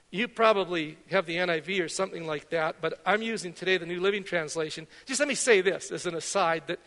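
A man's voice: high voice, a bit bright. A middle-aged man from Canada preaching a sermon as pastor, conversational and self-deprecating, weaving in anecdotes. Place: church sanctuary. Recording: long reverb of a church hall.

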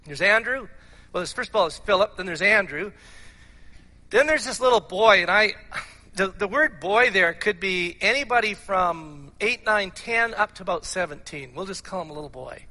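A man preaching in a high, piercingly bright voice that rings out with a long church reverb. He is animated and emphatic, often restarting his words, and sounds slightly hoarse. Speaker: pastor. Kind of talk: sermon. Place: church sanctuary.

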